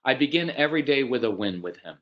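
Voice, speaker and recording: A man's voice: medium pitch, expressive, quick pace, muffled recording. Man giving parenting advice on a video call. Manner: conversational, often eyes closed, acts out child and parent voices. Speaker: parenting speaker. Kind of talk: parenting talk over online video call.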